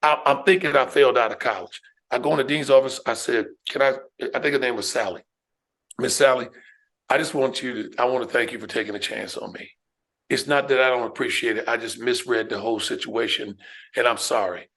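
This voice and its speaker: A middle-aged man from New York, a guest educator and speaker telling his life story on a podcast in an emphatic, animated way. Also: mid-range voice, a little fast. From New York, USA. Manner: emphatic, animated storyteller who addresses the listener with "man" and "right?".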